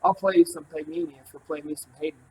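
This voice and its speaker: A man's voice: on the high side, fairly even intonation, fast, a little hiss or hum, natural voice, low-quality recording. A man doing a shy young woman violinist. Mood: inviting. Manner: soft, hesitant.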